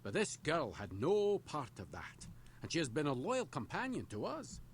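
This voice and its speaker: An actor playing a loyal young clanless dwarf in a video game, speaking earnestly and respectfully. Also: male voice, fairly high pitch, moderate pace, a little hiss or hum. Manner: hesitant, then steady and earnest.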